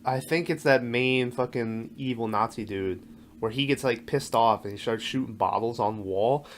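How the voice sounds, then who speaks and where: A man's voice: mid-range voice, normal speed, slight background noise. A man co-hosting a movie podcast, talking in a loose, laid-back way and swearing often. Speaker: podcast co-host. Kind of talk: casual movie chat.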